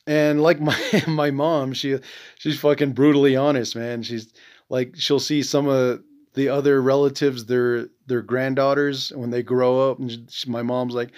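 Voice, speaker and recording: A man's voice: medium pitch, level tone, moderate pace, a little mellow. A man from the Navajo Nation hosting a podcast, talking bluntly and profanely, full of "you know". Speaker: podcast host, veteran. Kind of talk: casual monologue.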